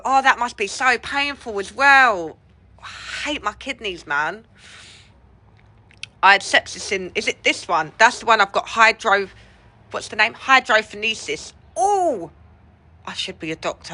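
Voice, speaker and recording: Bright, chatty woman. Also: medium pitch, lively intonation, a little slow, no echo. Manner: chatty, laughs often, swears casually. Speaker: livestreamer. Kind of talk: casual chat with live viewers.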